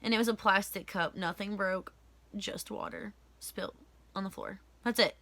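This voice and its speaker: A woman's voice: mid-range voice, brisk, bright, forceful tone. A young woman telling a story-time vlog, heated and ranting with lots of swearing. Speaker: vlogger.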